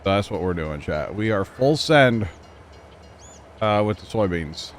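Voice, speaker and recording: A man's voice: lowish voice, animated, unhurried, a little hiss or hum. A young man hosting a gaming livestream, chatting casually and a bit ramblingly with friends and viewers from a cold room at home. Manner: laid-back, rambling, chatting with friends and chat. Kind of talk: casual chat with stream viewers.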